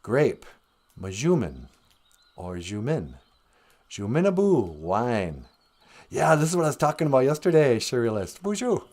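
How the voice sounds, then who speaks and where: A man hosting a casual live-stream podcast, teaching words in an unhurried, musing way and chuckling often. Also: mid-range voice, sing-song, a little mellow.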